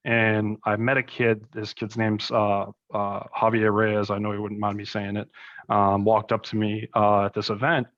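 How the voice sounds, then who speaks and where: A man's voice: lowish voice, little pitch movement, moderate pace, fairly bright tone. A young man, a podcast guest, rambling through casual stories with lots of fillers and asides. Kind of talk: casual conversation. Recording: slightly muffled recording.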